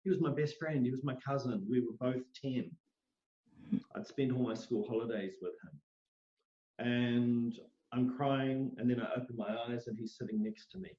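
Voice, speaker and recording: A middle-aged man, an interview guest, telling personal stories in an animated way and acting out the voices he quotes. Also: medium pitch, normal speed. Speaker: interview guest, psychic medium. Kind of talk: storytelling in a conversational interview. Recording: roomy, dull lo-fi sound.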